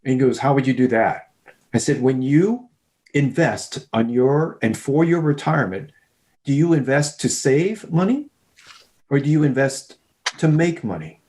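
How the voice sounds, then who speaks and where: Man telling animated sales stories. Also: medium pitch, measured pace. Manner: animated storyteller, acts out both sides of dialogues. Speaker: podcast guest, sales leader. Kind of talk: storytelling in a podcast interview.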